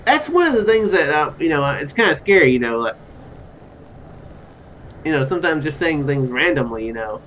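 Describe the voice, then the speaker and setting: A man's voice: fairly high pitch, sing-song, moderate pace, pauses often, a bit bright, a little hiss or hum, poor audio. A man with a Southern US accent gives rambling, chatty game commentary as he reads a story game aloud, with plenty of fillers. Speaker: gaming channel host.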